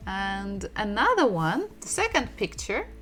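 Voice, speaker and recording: A woman giving a livestreamed language lesson, patiently repeating sounds and words slowly so learners can drill them. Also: medium pitch, wildly swooping pitch, a bit bright, soft background music. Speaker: Russian language teacher.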